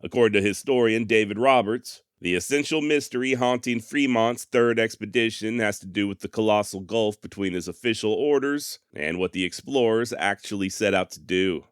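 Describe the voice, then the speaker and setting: A man's voice: lowish voice, normal speed, few pauses, clean tone, no room sound, studio quality. A man hosting a history podcast, joking at his own expense with a sarcastic, folksy humor. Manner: self-deprecating, sarcastic humor. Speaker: podcast host. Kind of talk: casual history podcast narration.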